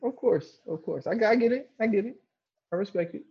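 Co-host, man, a bit high-pitched, easygoing and halting, muffled lo-fi call audio. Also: lively intonation, slightly rough. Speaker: co-host who plays songs. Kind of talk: casual chat on a voice call.

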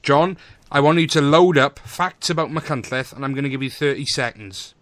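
A man's voice: fairly high pitch, fairly quick, fairly bright tone, no echo. A man hosting a casual radio chat show, teasing his guest and reading out facts in a joking manner. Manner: jokey, teasing, reads facts aloud.

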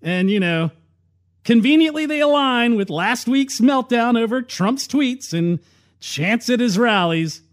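A male commentary host with a high, animated voice that swings widely in pitch. He reads news aloud and breaks in with sarcastic asides. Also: measured pace. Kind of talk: commentary and read sponsor ad.

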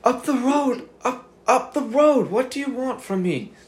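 Man doing a panicky hooded hostage, high pleading voice, tabletop game. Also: lively intonation, measured pace, reverberant. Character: frightened rich man, bag over head.

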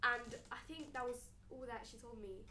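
A woman's voice: on the high side, moderate pace, slight background noise. Young woman telling a rambling story. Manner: rambling, animated storytelling with fillers. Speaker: storyteller guest. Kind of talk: casual chat. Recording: echoey room, a little distant.

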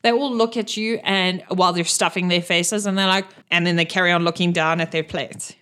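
A woman's voice: on the low side, fairly even intonation, brisk, fairly bright tone, clear, resonant tone. Woman, game master, tabletop narration, chatty, filler words. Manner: descriptive, with many fillers.

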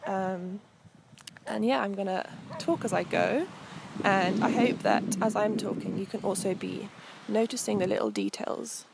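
A woman's voice: medium pitch, unhurried, vocal fry, noisy background. A young woman hosting a walk, narrating casually outdoors on a coastal path in a chatty, meandering way with frequent ums. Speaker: host. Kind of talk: casual narration while walking.

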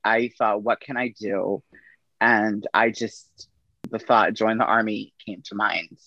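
Gravelly-voiced man telling stories. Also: lowish voice, slow pace, no echo, lo-fi sound. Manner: relaxed anecdotal delivery with quoted dialogue. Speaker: podcast guest, army veteran. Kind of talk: casual storytelling.

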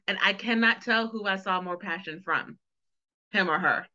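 Woman podcast co-host, bright and forceful, animated, lo-fi mic. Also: mid-range voice, normal speed. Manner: animated, acts out characters' lines, laughs often. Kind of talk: casual chat reviewing a TV episode. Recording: dull lo-fi sound.

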